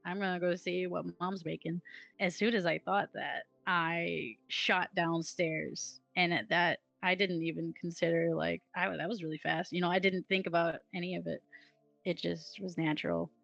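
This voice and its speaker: Gravelly low-voiced woman, chatty and giggly. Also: steady tone, normal speed, a bit bright, no echo, dull audio, faint music behind. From Wisconsin, USA. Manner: chatty, many "like" fillers, giggles often. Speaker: guest telling her near-death experience. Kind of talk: casual first-person storytelling.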